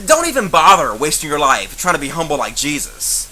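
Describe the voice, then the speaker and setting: A man's voice: on the high side, wildly swooping pitch, brisk, pushed and bright, slight background noise, low-quality recording. A man, telling a profane, sarcastic comic story as a rant monologue. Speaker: comedian.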